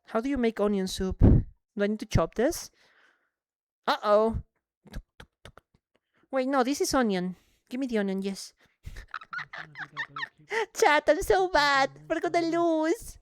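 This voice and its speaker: A woman chatting on a live stream, excitable and quick to laugh, switching between English and Spanish as she plays. Her voice sits a little high and comes through smooth and clean. The close mic gives a dry, roomless sound. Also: dry recording. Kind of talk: casual live-stream chat while gaming.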